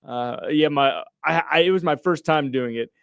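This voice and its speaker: A young man with a smooth, resonant voice co-hosts a sports radio show. He speaks earnestly and stumbles into frequent restarts. His American accent comes through close and dry. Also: fairly high pitch, no echo. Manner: halting, restarts often, earnest. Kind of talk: casual sports talk radio.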